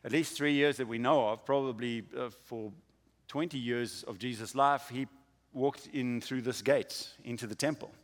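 A man preaching a sermon, with a dramatic delivery that swings from quiet to loud. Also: mid-range voice, steady tone, moderate pace, long reverb tail. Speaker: pastor.

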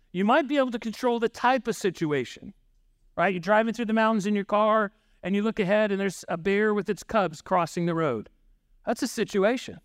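A pastor with a high voice, recorded close and dry with no room sound. He preaches in an easy, chatty way and drops in "right?" to keep listeners with him. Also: clear, resonant tone, dry recording. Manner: conversational, frequent "right?" asides, acts out dialogue. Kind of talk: sermon with storytelling.

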